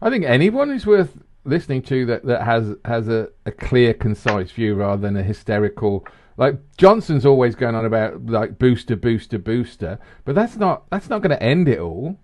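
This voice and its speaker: Animated man in casual chat. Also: moderate pace. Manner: animated storyteller, jumps into high mimicking voices.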